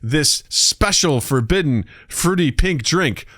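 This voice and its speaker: A man co-hosting a casual podcast, riffing in an animated, jokey way. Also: mid-range voice, normal speed, no room sound, studio quality. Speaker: podcast co-host. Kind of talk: casual chat.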